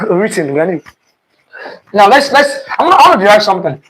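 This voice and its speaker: A man teaches an online exam-prep physics lesson, repeating terms and quizzing students with "what?" questions, speeding up and slowing down to stress terms. His high, fairly bright voice swings widely in pitch, and the recording is rough.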